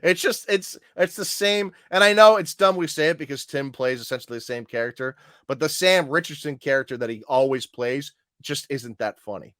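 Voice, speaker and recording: Guy cohosting a podcast, kinda high voice, laughs constantly, super dry close mic. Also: a little fast, hardly any pauses, no echo. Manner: laughs often, quotes lines in animated bursts. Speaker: podcast co-host. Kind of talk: casual chat.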